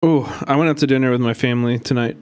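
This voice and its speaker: A man's voice: medium pitch, fast talker, clear, resonant tone. A man streaming live, reacting to clips with mocking, profanity-laced commentary and frequent laughter. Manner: animated, cursing, mocking, laughs often. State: hiccups.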